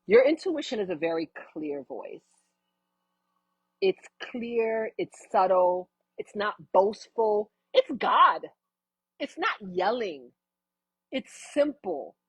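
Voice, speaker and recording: A woman's voice: on the high side, slightly rough, no echo, poor audio. A woman teaching a yoga lesson, talking emphatically and with sass while she massages and foam rolls. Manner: emphatic, preachy, sassy teaching. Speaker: yoga instructor. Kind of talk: guided yoga lesson with talk.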